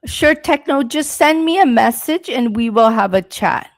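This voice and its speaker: Young woman, English teacher hosting a live class; slightly high voice, speaks slowly and clearly for learners. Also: animated. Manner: slow, deliberate, encouraging teaching delivery. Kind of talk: live-stream lesson.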